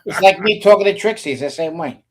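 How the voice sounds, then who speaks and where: A man's voice: high-pitched, fast talker, a crowd in the background. A man co-hosting a casual political stream, blunt and scornful in his remarks. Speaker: co-host. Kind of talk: casual political chat show.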